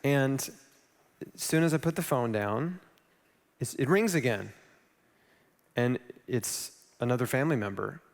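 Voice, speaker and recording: A man speaking on stage at a live event, telling a personal story with animated, self-deprecating asides to the audience. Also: mid-range voice, measured pace, pauses often. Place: large event hall on stage. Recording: long hall reverb.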